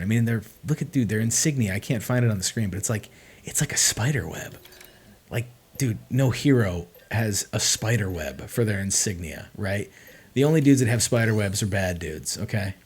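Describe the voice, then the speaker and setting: A young man chatting casually on a livestream, rambling and excitable, with lots of filler words. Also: on the low side. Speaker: streamer.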